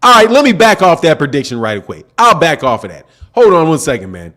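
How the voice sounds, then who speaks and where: A man's voice: fairly high pitch, huge pitch swings, fairly quick, pushed and bright. A man hosting a live boxing stream, talking emphatically in casual slang, repeating himself and answering viewers' chat. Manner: emphatic, repetitive, slangy, talks back to chat. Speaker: boxing channel host.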